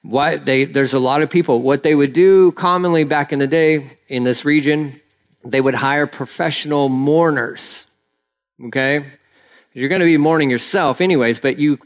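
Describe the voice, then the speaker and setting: Male preacher, slightly high voice, casual animated sermon, acts out the characters' lines. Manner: animated, acts out voices of the story, rambling asides. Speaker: pastor.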